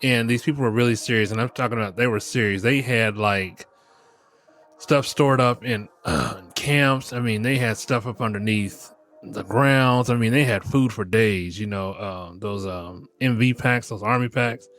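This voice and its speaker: At a moderate pace and fairly low pitch, a middle-aged man hosts a podcast with no mention of music, just a loose comic monologue. He's animated and profane, laughs frequently, and speaks right to his listeners as y'all.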